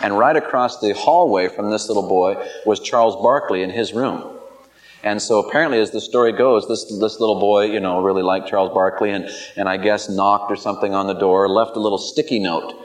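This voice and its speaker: A man's voice: on the low side, a little fast, rough recording. A male pastor preaching a sermon, telling stories with many restarts and repeated words, growing more emphatic as he exhorts.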